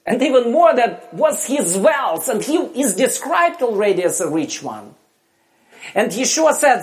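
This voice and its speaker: Slow, emphatic woman preaching a sermon. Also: fairly high pitch, very animated. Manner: slow, emphatic delivery with wide swings between loud and soft.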